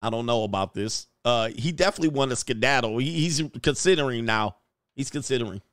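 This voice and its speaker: A man's voice: mid-range voice, animated, a little fast, a bit bright, clear, resonant tone, no room sound, studio quality. A man hosting a casual reaction show, joking in slang and often laughing as he comments on clips. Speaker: commentary host.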